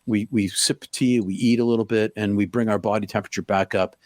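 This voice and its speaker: Halting man telling a story, dry sound. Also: lowish voice, steady tone, no echo. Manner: halting, full of restarts, acts out quoted lines loudly. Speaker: podcast guest. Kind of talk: personal story in an interview.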